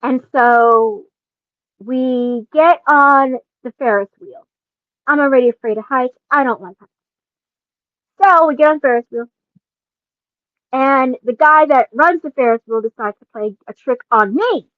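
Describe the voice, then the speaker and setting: Woman, forties, podcast host, high voice, slightly dull recording, casual animated storytelling. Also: a little slow, long pauses, no room sound.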